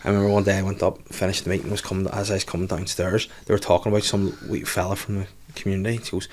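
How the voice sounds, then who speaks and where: A man with a Belfast accent, a podcast guest telling lively anecdotes in casual chat and swearing freely. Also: low voice, racing, few pauses. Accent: Northern Irish, Belfast.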